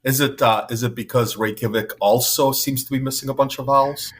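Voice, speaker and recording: Wry, halting podcast co-host, a man. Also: mid-range voice, steady tone. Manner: halting, wry, filler-heavy questions. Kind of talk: casual sports chat.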